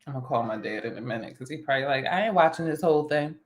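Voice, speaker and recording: A woman hosting a casual chat, animated and talkative, laughing often. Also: rumbling low, rapid-fire, a little hiss or hum. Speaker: vlog host.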